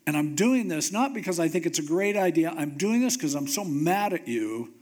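A man preaching, voicing an impatient, sarcastic God who scolds with drawn-out emphasis. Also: sits high, sing-song. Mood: exasperated. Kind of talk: sermon storytelling.

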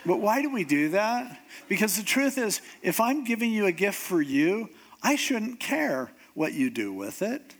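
A man's voice: high voice, unhurried. A middle-aged man preaching a humorous sermon, telling stories and acting out the voices of the people he quotes. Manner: animated storytelling, acts out quoted voices. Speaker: pastor.

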